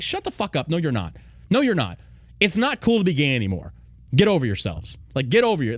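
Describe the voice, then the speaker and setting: A man's voice: a little high, dry recording, clean studio sound. A man hosting a casual political podcast, ranting with profanity and sarcasm, mocking others in put-on quoting voices. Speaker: podcast host.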